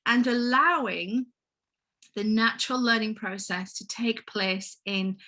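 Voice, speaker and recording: A woman's voice: fairly high pitch, takes it slowly, sharp tone. A woman giving a personal conference talk as a home-educating mother, speaking earnestly and heartfeltly and addressing the audience directly.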